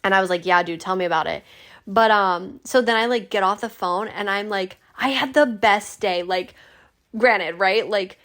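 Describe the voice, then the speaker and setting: Young woman, podcast host, gravelly fry, loose profane storytelling, heavy "like" fillers. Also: medium pitch, moderate pace, a bit bright. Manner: chatty, swears freely, many "like" fillers, acts out quoted voices. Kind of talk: casual storytelling monologue.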